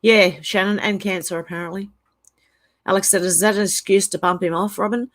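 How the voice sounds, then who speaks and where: A woman's voice: medium pitch, steady tone, fairly quick, fairly bright tone. An Australian woman hosting a casual livestream, reading viewer comments aloud and rambling through her reactions. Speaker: channel host.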